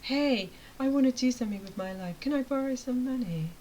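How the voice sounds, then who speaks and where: A woman's voice: high-pitched, expressive, brisk, dark tone, slight background noise, pitched above the performer's own voice, rough recording. A woman putting on an odd, sugary voice as a fake old friend who turns up asking to borrow money. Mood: wheedling.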